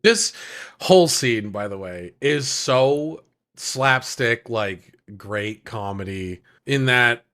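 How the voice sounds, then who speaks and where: A young man co-hosting a casual podcast who jumps in with excited, profane commentary. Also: mid-range voice, takes it slowly. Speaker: podcast co-host. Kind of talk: casual banter.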